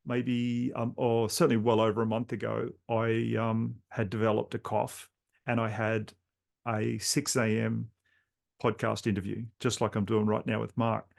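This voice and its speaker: A man's voice: fairly low pitch, flat delivery, measured pace, creaky. A man hosting a podcast, speaking reflectively and addressing his listeners directly. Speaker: podcast host. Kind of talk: conversational podcast interview.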